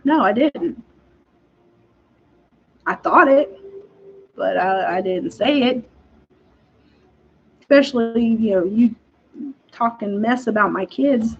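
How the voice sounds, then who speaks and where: A young woman, hosting a casual chat and telling stories in an animated, exasperated way with frequent laughs. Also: a little high, takes it slowly, long pauses, breathy edge. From Texas. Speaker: podcast host. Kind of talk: casual storytelling. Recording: dull lo-fi recording.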